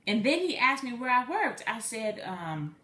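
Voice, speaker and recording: A woman vlogger telling a personal story in a chatty, animated way, acting out both sides of a conversation. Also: on the high side, unhurried, echoey room.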